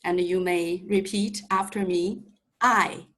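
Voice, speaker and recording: A woman's voice: on the low side, slow, rough recording. A woman teaching a Mandarin lesson over a video call, explaining patiently step by step with light humor. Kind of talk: online language lesson.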